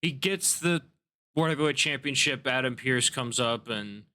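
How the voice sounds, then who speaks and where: A man's voice: medium pitch, bright, forceful tone. A man hosting his own podcast, recapping wrestling in a casual, opinionated way and swearing freely. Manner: opinionated, swears, quick asides. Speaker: podcast host.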